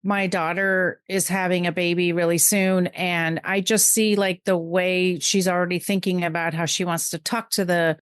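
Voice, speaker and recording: A middle-aged woman appears as a podcast guest in a heartfelt interview, talking earnestly and with emotion in quick bursts. Her voice is lowish and her tone stays level. The sound is clean, with no echo.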